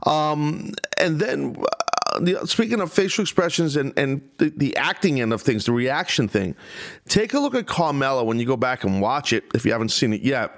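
A man's voice: medium pitch, animated, normal speed. A man hosting a podcast, giving casual, opinionated commentary that rambles and drifts off on tangents. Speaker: podcast host.

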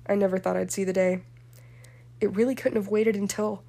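Woman reader doing a cocky young wizard guy, smirky drawl, mellow and kinda flat. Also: medium pitch, brisk, creaky. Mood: curt. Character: young male wizard, smug, cool, teasing.

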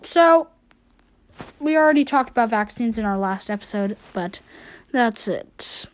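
Woman, fairly high voice, casual news host, reads lists, corrects her own slips. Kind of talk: casual amateur news rundown.

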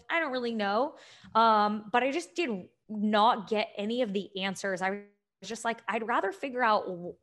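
A young adult woman, a health and fitness coach, telling a personal story candidly with many fillers and restarts. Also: medium pitch. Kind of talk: personal story, casual talk.

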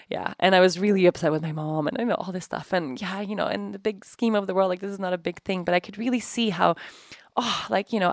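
A woman's voice: mid-range voice, gravelly, no room sound, clean studio sound. A woman in her thirties hosting a podcast, telling a personal story candidly and emotionally, with frequent swearing and acted-out dialogue. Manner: emotional, swears freely, acts out quoted dialogue. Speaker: podcast host.

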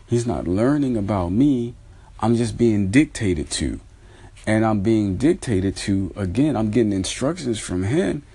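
Deep, husky-voiced man talking earnestly. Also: dark tone, dry recording. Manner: retells conversations, quoting others, earnest and preachy. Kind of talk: casual spoken commentary.

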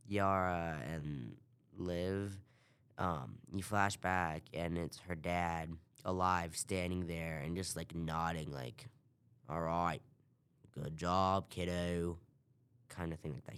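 A man's voice: low-pitched, measured pace, vocal fry, fairly bright tone, clean tone. A man hosting a podcast, casually recapping a video game in a rambling way and swearing offhand. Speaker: podcast host.

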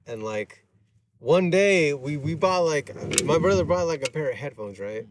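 A man's voice: on the high side, expressive, normal speed, background noise. A man telling a rambling, filler-heavy story in casual chat, sitting away from the mic.

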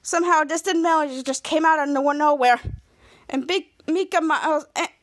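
High-voiced woman animatedly recapping a show. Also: a little fast. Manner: animated retelling, acting out characters' lines with gasps. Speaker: podcast host recapping a TV episode. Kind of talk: casual episode recap.

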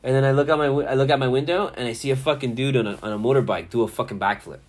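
At medium pitch and a racing pace, a thirtysomething man from around Miami hosts a laid-back sports talk show. His storytelling is rambling, animated and heavy on profanity.

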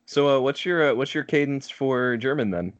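A man's voice: medium pitch, normal speed, dry recording, muffled recording. A man co-hosting a podcast, chatting casually and teasing his friends with lots of fillers. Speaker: podcast co-host. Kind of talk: casual chat.

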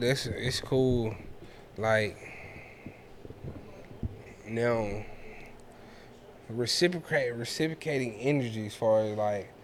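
A young man with a voice of middling pitch, trading loud, teasing, profane banter as a podcast co-host. His talk is casual and quick to needle. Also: a little hiss or hum. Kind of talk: casual chat.

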